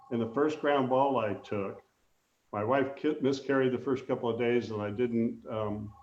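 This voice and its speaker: An older man who used to play baseball appears as a guest in a casual interview, telling animated stories and acting out the voices of people he quotes. His voice is mid-range, with reverb and the highs cut off.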